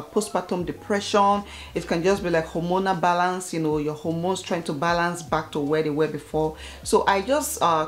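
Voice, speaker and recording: A woman vlogger in her thirties telling a personal story straight to her viewers in an animated, chatty way. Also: lowish voice. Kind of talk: casual talk to camera.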